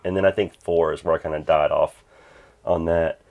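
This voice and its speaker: A man's voice: very deep voice, fairly even intonation, moderate pace, darkish tone, muffled recording. A man in his thirties, a game collector chatting casually at home, rambling with lots of fillers and restarts. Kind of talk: casual interview chat.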